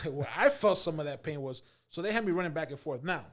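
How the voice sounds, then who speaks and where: A man in his forties tells a lively story as an interview guest. His voice sits high for a man and moves quickly, and he acts out the other people's lines with lots of laughter. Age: 40s. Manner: expressive storyteller acting out quotes, laughing often. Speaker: actor guest. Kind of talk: animated storytelling.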